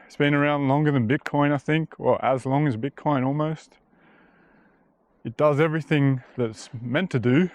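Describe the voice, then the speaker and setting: A man's voice: mid-range voice, no echo. A man talking bluntly and casually while walking a bush trail, rambling and swearing now and then. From Australia. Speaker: vlogger. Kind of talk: casual walking vlog monologue.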